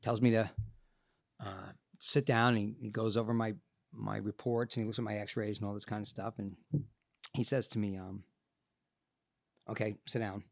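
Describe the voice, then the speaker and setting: A middle-aged man, a podcast guest telling his story in an animated way and acting out what people said. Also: fairly low pitch, moderate pace, vocal fry, pauses often, dry recording, studio quality. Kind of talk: storytelling interview.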